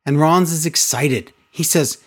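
A woman's voice: deep voice, moderate pace, breathy edge. A woman co-hosting a casual recap podcast, telling the story with sarcastic exasperation and mocking impressions. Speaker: wrestling recap podcast co-host.

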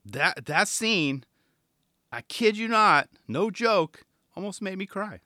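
Speaking slowly in a high, bright, forceful voice full of expression, a podcast host comments on a skate video from his home garage. He's easygoing and long-winded, acting out what others said. Recorded on a studio mic with studio quality and no room sound.

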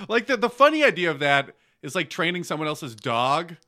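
A man co-hosting a podcast, joking crudely and swearing, laughing often. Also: a little high. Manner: loud, profane, laughs often. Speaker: podcast co-host. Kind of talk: crude comedic banter.

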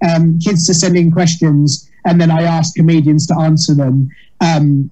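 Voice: mid-range voice, warm tone, low-quality recording. A comedian guest chatting over a video call, rambling through tangents with frequent laughs. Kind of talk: casual chat.

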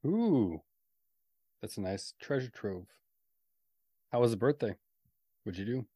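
A man's voice: mid-range voice, big pitch swings, measured pace, mellow, slightly rough, no echo. Playful teasing man, dry close sound. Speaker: podcast co-host. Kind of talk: casual chat.

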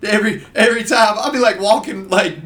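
A man's voice: high voice, fast, far from the mic. Rambling off-mic storytelling man. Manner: rambling, animated storytelling with lots of fillers. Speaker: guest. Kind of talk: casual storytelling.

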